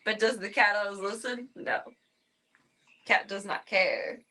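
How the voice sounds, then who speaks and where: A woman livestreaming from home, chatting casually and cooing baby talk to her cat. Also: mid-range voice.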